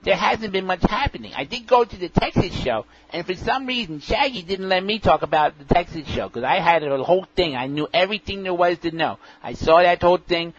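A rambling, self-important pinball know-it-all, as a man puts him on, with a somewhat high voice and a childlike, repetitive way of talking. He circles back on himself constantly and sounds pleased about everything. The recording is dull and lo-fi, with faint hiss underneath. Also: lively intonation, a little fast, hardly any pauses. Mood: rambling earnest. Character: odd, rambling middle-aged male pinball know-it-all.

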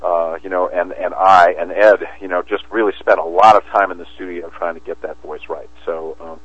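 A man's voice: deep voice, fairly even intonation, moderate pace, no echo. A man talking as an interview guest in a rambling way, with many restarts and fillers. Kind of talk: casual interview talk. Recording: tinny phone line, dry.

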